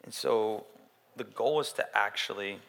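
A man preaching a sermon in a casual, animated way, acting out quotes as he tells stories. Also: on the low side, unhurried, creaky. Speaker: pastor. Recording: long hall reverb.

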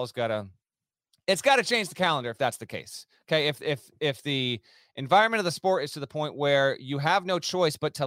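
A man co-hosts a podcast in quick, wry, rambling talk. His voice sits a little high, and the sound is dry with no room echo. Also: a bit bright. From Northern US. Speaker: co-host. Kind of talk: casual podcast banter.

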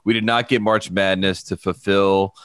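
A man's voice: low voice, fairly even intonation, moderate pace, a bit bright, smooth, no room sound. A man co-hosting a casual sports podcast, confident and playful as he talks up a player. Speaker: podcast co-host.

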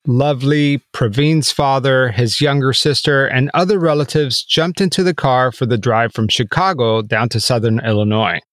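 A man hosting a podcast, giving measured scripted narration. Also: medium pitch, no room sound. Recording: dry close studio voice over faint music.

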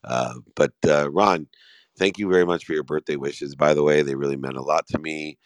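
Male, 50s, very low and dry. Heartfelt, emphatic motivational host fielding questions in an online live room. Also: a little fast, no echo. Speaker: host and business speaker.

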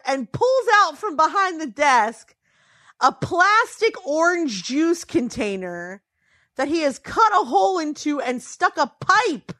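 A tired woman tells a story in casual chat. Her voice sits a little high, and she throws it around to act out what people said. The sound is dry and close. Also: takes it slowly, no echo. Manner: animated, acts out quotes with pitch swings.

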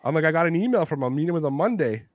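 A man with a somewhat high voice tells animated, swear-filled stories on his podcast. He laughs often and talks freely. The sound is close and dry. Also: very fast, no room sound. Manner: animated, profane, laughing while telling stories. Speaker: podcast host. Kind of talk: casual storytelling chat.

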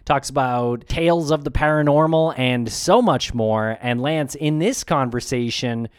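Brisk male podcast host. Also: medium pitch, smooth, no echo, studio quality. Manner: brisk, friendly promo delivery. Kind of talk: casual podcast chat and read ads.

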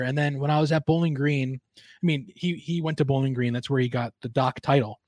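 A man's voice: medium pitch, fairly even intonation, fairly quick, darkish tone, no room sound. A young man, a sports broadcaster, chatting casually and retelling a story with lots of fillers.

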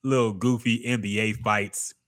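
A man's voice: lowish voice, little pitch movement, moderate pace. Blunt, profane man on a casual podcast. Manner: profane, blunt, laughing commentary. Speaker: podcast co-host. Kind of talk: casual reaction chat.

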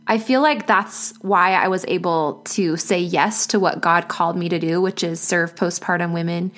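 A woman who hosts a podcast as a postpartum coach, talking in an effusive, warm way in a casual interview. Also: medium pitch. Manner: warm, effusive, gets emotional.

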